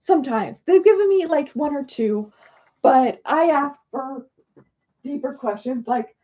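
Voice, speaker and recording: Working through oracle cards on a casual livestream, a woman host chats on, rambling and apologetic. She speaks in a high, unhurried voice with lively intonation, and the audio is dull.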